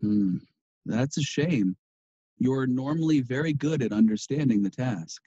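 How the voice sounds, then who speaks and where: A polite but firm male teacher in a textbook listening dialogue. His voice is mellow and warm. The recording sounds slightly dull, like an audio-track clip. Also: medium pitch, lively intonation, measured pace, slightly rough. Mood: calm.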